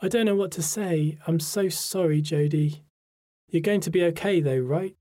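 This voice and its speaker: A man voicing a caring, blunt young woman who swears easily and turns quick and concerned. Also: sits high, animated, mellow, husky, pitched above the performer's own voice, full character voice. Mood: shocked. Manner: quick, concerned, slightly panicked.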